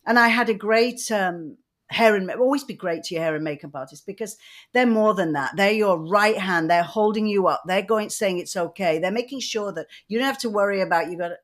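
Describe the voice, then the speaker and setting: A woman from Manchester with a Mancunian accent tells long, lively stories in a relaxed podcast chat. She rambles cheerfully from one anecdote to the next. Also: medium pitch, fairly quick. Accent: Mancunian English. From Manchester, England. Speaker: podcast co-host. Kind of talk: casual chat.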